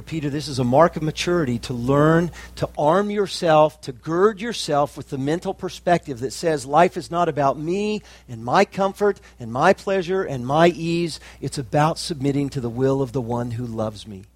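A pastor preaching a sermon with emphatic, rising climaxes and slow drawn-out phrases. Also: male voice, on the high side, a little mellow, dry recording.

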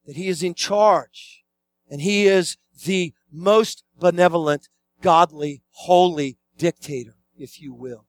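A man's voice: a little high, a little slow. A man preaching a sermon, emphatic and fond of repeating key phrases for weight. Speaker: pastor.

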